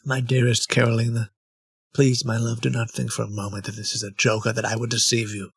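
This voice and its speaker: A man playing a stiffly courteous chatbot suitor, whose replies are read in a formal, even way. The voice is gravelly and recorded close and dry. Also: mid-range voice, fairly quick, no echo. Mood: earnest.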